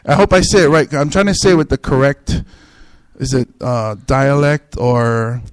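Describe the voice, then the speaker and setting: A man hosting a comedy podcast, rambling and joking through quick asides and self-mockery. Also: mid-range voice, smooth, no echo. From Samoan. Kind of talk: casual comedic banter. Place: indoor club room.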